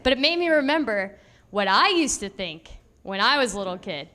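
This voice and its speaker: Bright, lively woman doing stand-up. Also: a little high, a little fast. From Indiana, USA. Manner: chatty, self-deprecating, laughs between lines. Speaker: stand-up comedian. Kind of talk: stand-up comedy set. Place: comedy club stage.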